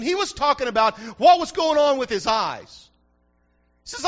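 Man, preacher, fervent sermon, high-pitched, dull lo-fi sound. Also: sing-song, fairly quick, a bit bright. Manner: fervent preaching, asking the congregation for response. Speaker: pastor. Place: church.

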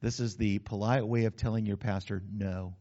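A man's voice: lowish voice, steady tone, moderate pace, mellow, lo-fi sound. A man preaching a sermon, folksy and conversational, slipping into acted asides. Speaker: pastor.

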